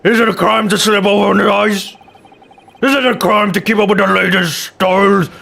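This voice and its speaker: A man voicing an indignant elderly male juror in a video game dub, high, fussy and cantankerous. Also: little pitch movement, moderate pace, vocal fry, bright, forceful tone, heavily acted. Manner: squawking, high and huffy.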